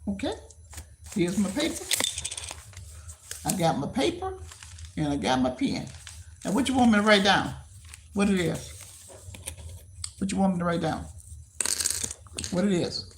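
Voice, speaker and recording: A woman's voice: medium pitch, big pitch swings, unhurried, pauses often, background noise. A woman in her seventies talking bluntly to viewers on a casual livestream, often repeating herself. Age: 70s. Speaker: livestream host.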